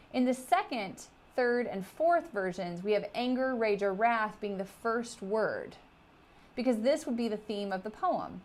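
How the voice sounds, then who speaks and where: Woman lecturing clearly on a poem. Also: a little high, expressive, unhurried. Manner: explanatory, emphatic on key terms. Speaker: literature lecturer. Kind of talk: recorded lecture.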